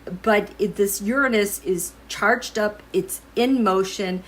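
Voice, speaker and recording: Here a woman with a mid-range, fairly bright voice takes it slowly as she gives her viewers a casual tarot and astrology reading. She thinks aloud while drawing cards.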